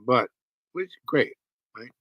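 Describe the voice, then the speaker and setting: A man's voice: medium pitch, expressive, slow pace, slightly rough, no room sound, lo-fi sound. A man host telling a personal story in a casual, rambling way, full of "you know" and restarts.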